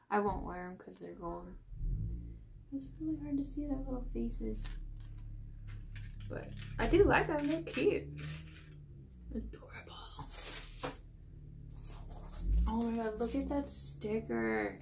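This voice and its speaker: Slow-talking woman with a gravelly voice. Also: fairly high pitch, slight background noise. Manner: gushing, calls everything cute; self-deprecating, apologizes often. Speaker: unboxing vlogger. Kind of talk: casual unboxing chat.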